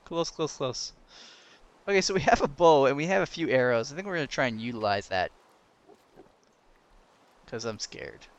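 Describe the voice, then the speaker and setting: A young man giving casual gameplay commentary, excitable, laughing and yelping when danger comes, chatting to the game's creatures. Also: mid-range voice, fairly quick, long pauses, dull audio. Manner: excitable, yelps and laughs at danger, talks to game mobs. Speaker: gaming commentator.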